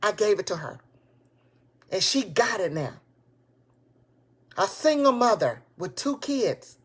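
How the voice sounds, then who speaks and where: A woman giving a live motivational talk to her viewers, excited and preachy, repeating her points and speaking in casual, folksy grammar. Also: mid-range voice, slow pace, breathy edge. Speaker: motivational speaker and business coach. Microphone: tablet device.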